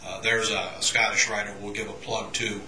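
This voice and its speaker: A man's voice: on the low side, little pitch movement, fairly quick, bright, forceful tone. A man hosting an interview, asking questions in a hesitant way with many fillers. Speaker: interviewer host. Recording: echoey room.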